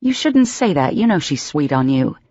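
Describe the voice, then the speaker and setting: A woman voicing a caring young woman who speaks higher, urgent and pleading. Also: sing-song, normal speed, warm tone, no echo, dull audio, full character voice. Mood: teasing.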